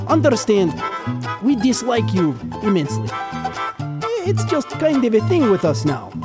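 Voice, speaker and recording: A man doing a sardonic, mock-polite Russia in a thick put-on Russian accent, sung as a comic tune. The melody swoops widely while guitar and mandolin play clearly behind. The tone is a mix of hurt pride and sarcasm. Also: very high voice, voice pushed up, heavily acted. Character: Russia personified as a proud, touchy male singer. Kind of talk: comic satirical song.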